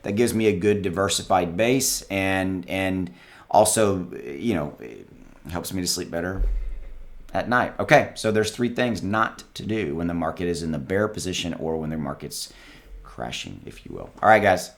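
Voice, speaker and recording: A man's voice: low-pitched, animated, normal speed, gravelly. A man vlogging casual investing advice to his viewers, talking loosely with many restarts and calling them guys. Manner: conversational, repeats words, addresses viewers as guys. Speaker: crypto YouTuber. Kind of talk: casual direct-to-camera advice. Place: home with dogs.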